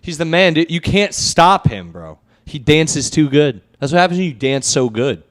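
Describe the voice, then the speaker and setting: Male podcast host: crude, animated banter, lively swooping pitch. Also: normal speed. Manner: animated, crude, mock-outraged rants.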